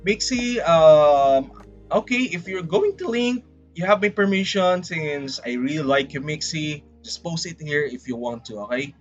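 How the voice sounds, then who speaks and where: With a fairly high pitch, lively intonation and a measured pace, a Filipino man talks casually to his livestream chat in accented English, rambling and dramatic. The stream sounds dull and lo-fi, and faint music plays in the background.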